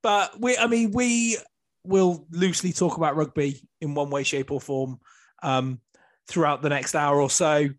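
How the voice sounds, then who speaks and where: Bloke hosting a podcast, slightly high voice, jokey, swears a lot. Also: male voice, a little slow. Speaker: podcast host. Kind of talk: casual banter.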